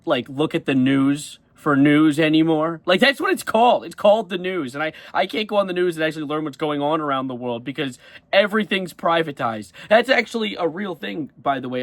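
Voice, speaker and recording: A young man ranting in a casual vlog, animated and exasperated, often jumping into high sarcastic mock voices. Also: a little fast, dry recording. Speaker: vlogger.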